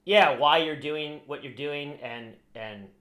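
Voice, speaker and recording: Guy cohosting a podcast, kinda high voice, rambly, echoey room. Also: takes it slowly. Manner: rambling, restarts often, animated when laughing. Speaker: podcast co-host. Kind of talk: casual chat.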